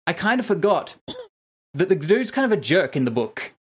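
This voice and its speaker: A man's voice: sits high, sing-song, moderate pace, husky. A man co-hosting a podcast, talking in a loose, rambling way and swearing casually. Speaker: podcast co-host and interviewer. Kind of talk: casual chat.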